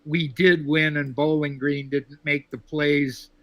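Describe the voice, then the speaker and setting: A man from Texas calling into a sports show, talking in a measured, wry way with lots of fillers. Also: on the high side, level tone, no echo. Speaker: caller. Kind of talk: casual sports call-in chat.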